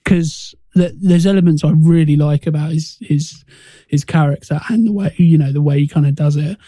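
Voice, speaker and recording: A man's voice: on the high side, normal speed, warm tone, no echo, studio quality. A man co-hosting a film podcast in casual chat, hesitant and often restarting his sentences. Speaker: podcast co-host.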